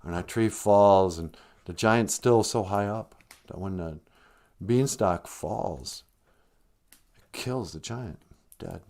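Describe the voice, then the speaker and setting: A man's voice: lowish voice, takes it slowly, creaky, long pauses, darkish tone. A man hosting a podcast, telling a comic fairy tale in a rambling, jokey way. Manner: rambling, jokey, laughs at own story. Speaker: podcast host. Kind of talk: comic storytelling.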